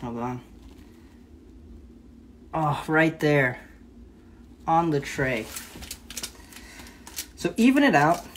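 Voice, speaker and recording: A woman's voice: low voice, very animated, extremely slow, long pauses, a little hiss or hum. A woman hosting a casual live cooking stream from her home kitchen, talking on a phone camera in a chatty, rambling way that keeps correcting itself.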